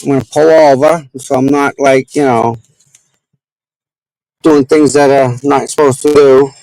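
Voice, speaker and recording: A man's voice: medium pitch, fairly even intonation, a little slow, mellow, no room sound, poor audio. A man chatting live to his viewers from inside his car, rambling and grumbling at other drivers. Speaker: livestream host. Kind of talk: casual live-stream chat while driving.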